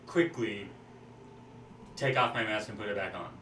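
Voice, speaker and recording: A man's voice: lowish voice, moderate pace, sharp tone. A man playing a tabletop game, joking and rambling with lots of "like". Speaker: player. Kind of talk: casual tabletop role-play. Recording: echoey room, distant mic, background noise.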